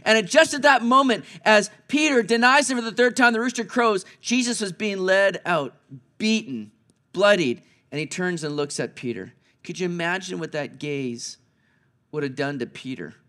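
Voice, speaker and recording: A man delivering an Easter sermon in a notably high voice. He shifts between quiet, drawn-out reflection and loud, pressing questions. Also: expressive. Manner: dramatic swings between hushed and raised voice. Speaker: pastor.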